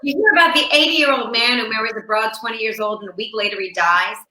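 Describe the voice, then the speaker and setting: A woman hosting a casual web show, telling old dirty jokes with a lively, animated delivery. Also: fairly high pitch, fast, background noise. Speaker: host. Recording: echoey room.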